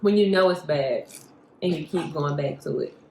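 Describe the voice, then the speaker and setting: Relaxed young woman guest, low voice. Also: normal speed. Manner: relaxed, talking while eating. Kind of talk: casual chat over a meal. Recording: roomy home recording with faint noise.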